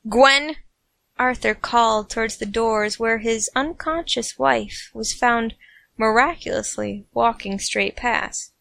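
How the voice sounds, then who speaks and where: A woman's voice: on the high side, a little slow, gravelly, fairly bright tone, no echo. A woman narrating a comic fan fiction story with playful, snarky asides.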